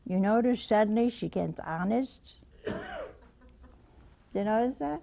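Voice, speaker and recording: Animated woman preaching a sermon. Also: medium pitch, measured pace, creaky, slight background noise. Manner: storytelling with rhetorical questions to listeners.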